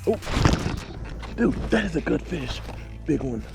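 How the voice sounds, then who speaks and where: A man, vlogging while fishing from a kayak and talking excitedly and frustratedly to himself. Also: on the high side, measured pace, creaky, music in the background. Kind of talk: casual vlog talk to camera. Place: outdoors on a kayak on a lake. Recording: noisy outdoor camera audio.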